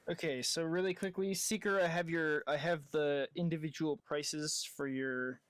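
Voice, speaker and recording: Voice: medium pitch, steady tone, measured pace, clear, resonant tone, dry recording. A game master running a tabletop game over voice chat, brash and swearing, laughing a lot. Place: home, voice chat.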